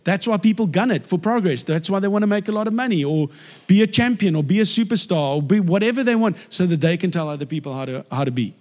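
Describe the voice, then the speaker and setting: A man giving a lively, conversational sermon and acting out the people in the story. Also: sits high, fast talker. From South Africa. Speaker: guest preacher. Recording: long hall reverb.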